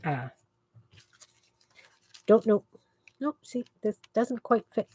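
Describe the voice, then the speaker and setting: A middle-aged woman runs a crafting livestream from the craft room in her home basement, chatting casually with viewers and muttering to herself as she works. Her voice sits on the high side and is very animated yet slow, with a dark tone and a breathy edge.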